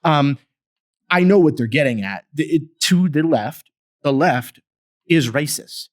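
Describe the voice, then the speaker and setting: A man hosting a podcast, giving solo political commentary in an emphatic, animated way with sarcastic asides. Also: a little high, unhurried. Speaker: podcast host.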